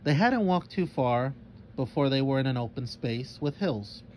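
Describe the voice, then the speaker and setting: A man reading a children's story aloud in a calm, measured narrating voice. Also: medium pitch, a little hiss or hum.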